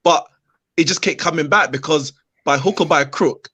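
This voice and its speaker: A man on a casual football chat panel, reasoning through his point in a measured way. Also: fairly high pitch, bright, forceful tone, slightly rough.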